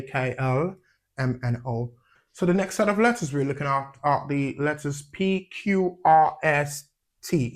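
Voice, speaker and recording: A man teaching English letter sounds, saying each example word slowly and clearly and checking in with "yeah?". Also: mid-range voice. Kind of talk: phonics lesson.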